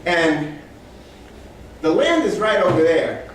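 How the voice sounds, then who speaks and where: A fairly high-voiced man delivers a motivational talk to a small audience, bringing animal fables to life in character voices. He sits back from the microphone in a very echoey room. A faint hum of ambience runs under him. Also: slow. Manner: animated storyteller, acts out animals with big voices. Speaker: motivational speaker. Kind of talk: motivational talk to a live group. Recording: echoey room, speaker far from mic.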